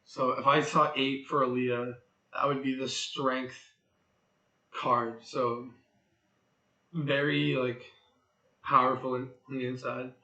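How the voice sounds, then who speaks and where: A young man with a raspy throat muses his way through a casual tarot reading, leaning on fillers and half-finished thoughts. His voice has a bright, sharp edge, and it rings in an echoey room. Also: medium pitch, flat delivery, slow pace, pauses often, dull audio. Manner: rambling, filler-heavy, musing aloud. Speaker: tarot reader.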